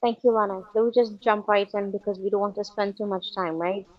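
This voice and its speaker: A woman's voice: medium pitch, steady tone, brisk, lo-fi sound. A woman calling into a talk show, ranting indignantly with sarcasm and rhetorical questions. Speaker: caller. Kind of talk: angry political call-in rant.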